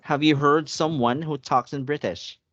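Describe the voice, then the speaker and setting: A man's voice: a little high, fairly even intonation, moderate pace, a bit bright, no room sound, highs cut off. A man tutoring English in an online one-on-one lesson, patiently checking that his student understands.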